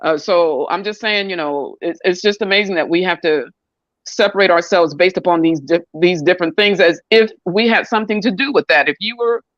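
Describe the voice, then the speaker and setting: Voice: mid-range voice, a little fast, a bit bright, dry recording, dull audio. A speaker from the United States talking casually in a group discussion, easygoing and full of loose examples. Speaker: discussion participant.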